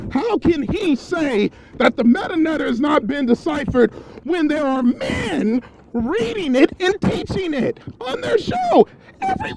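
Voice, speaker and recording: A man rants at full volume from his car, his voice strained very high and swinging wildly in pitch. He swears constantly and hammers the same points again and again. Road noise from the moving car rumbles under every word. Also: poor audio. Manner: profane, yelling, repeats himself. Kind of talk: angry solo rant. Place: car on the highway. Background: vehicle noise.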